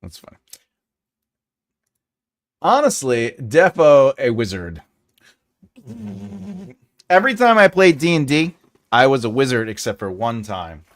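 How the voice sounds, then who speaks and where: A man's voice: mid-range voice, very animated, a little slow, pauses often. A man in his forties hosting a writing channel, chatting casually with viewers, joking and laughing as he rambles through asides. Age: 40s. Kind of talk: casual livestream chat.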